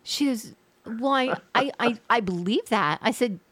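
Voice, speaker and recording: A woman's voice: on the high side, a little slow, breathy edge, dry recording. A woman hosting a Christian talk show, chatting and telling a story with acted-out quotes. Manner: animated storyteller, acts out quotes. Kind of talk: casual chat interview.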